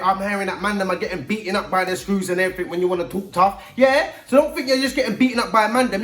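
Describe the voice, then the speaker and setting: A man's voice: high-pitched, fairly bright tone. A man with a London accent, speaking straight to young people as a mentor in emphatic street slang. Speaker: youth mentor. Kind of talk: direct-to-camera talk to young people. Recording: echoey room.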